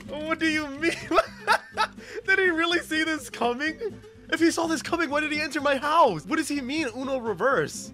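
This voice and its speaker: A young man giving excitable gameplay commentary as a gaming YouTuber, laughing a lot and often calling people "bro". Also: extremely high pitch, normal speed, faint music behind.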